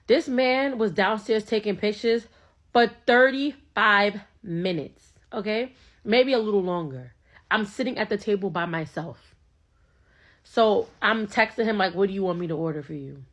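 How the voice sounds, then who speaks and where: A young woman with a mid-range voice casually recounts a first date at a normal speed. Her chatty retelling is packed with fillers and quoted back-and-forth dialogue.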